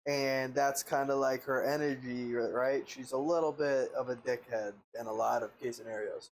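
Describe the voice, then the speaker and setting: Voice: mid-range voice, unhurried, hardly any pauses, poor audio. A podcast co-host in casual chat, frank and opinionated, swearing freely.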